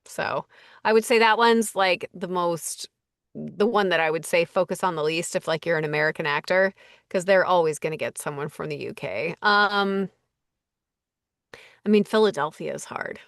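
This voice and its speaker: A woman's voice: on the low side, normal speed, fairly bright tone, no echo, clean studio sound. A woman who works as a voice director and casting associate, talking casually in an interview and thinking aloud with lots of fillers. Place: Los Angeles.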